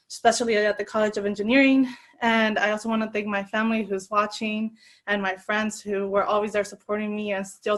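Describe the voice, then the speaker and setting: A young woman graduate gives a short thank-you speech over a video call. She sounds hesitant and pauses often. Her delivery stays flat and even throughout. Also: medium pitch. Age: young adult. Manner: hesitant with fillers. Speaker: graduating student.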